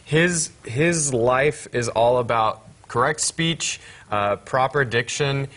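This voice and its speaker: A young man, a student actor, describes his part as a guest on a studio TV show. His voice is mid-pitched, and he speaks in a measured, thoughtful way. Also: fairly bright tone. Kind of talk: TV interview.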